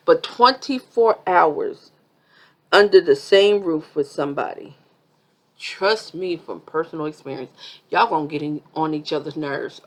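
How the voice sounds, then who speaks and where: A woman vlogger giving a chatty, sassy review of a reality TV episode, full of asides. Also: medium pitch.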